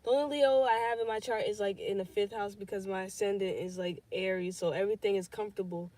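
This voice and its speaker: A young woman talks loosely on her own podcast stream, thinking out loud. She drifts between thoughts, swears freely and leans on "like" and "um." Her voice sits at an ordinary middle pitch. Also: fairly even intonation, fast talker. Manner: rambling, profane, thinks aloud with many fillers. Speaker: podcast host. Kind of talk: casual livestream chat.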